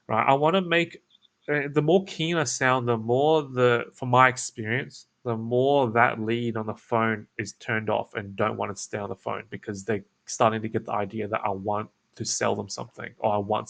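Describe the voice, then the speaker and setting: Creaky laid-back Australian man. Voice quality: creaky, croaky low delivery. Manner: laid-back, toned-down, flat on purpose. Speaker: agency owner teaching cold calling. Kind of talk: casual instructional talk with demo lines.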